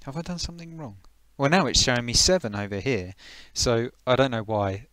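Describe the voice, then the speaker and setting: Man, live streamer, casual chatty, mid pitch, dry close recording. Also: brisk, fairly bright tone, no echo. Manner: chatty, greets viewers, thinks aloud while fiddling with settings.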